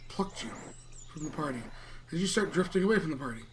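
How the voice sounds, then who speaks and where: A man's voice: on the high side, expressive, fast talker, slight background noise. A man narrating a tabletop game as game master, in a loose, rambling way with many fillers.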